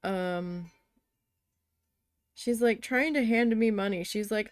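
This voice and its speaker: A woman's voice: fairly high pitch, slow pace, long pauses, dry recording. A young woman, a crafting vlogger, chatting casually and telling a story, swearing freely and acting out what others said. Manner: chatty, swearing, quoting others in lively voices.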